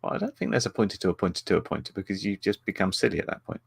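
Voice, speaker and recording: A man co-hosting a casual podcast chat, jokey and animated when explaining. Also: low voice, very fast, creaky, husky, no echo. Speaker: podcast co-host.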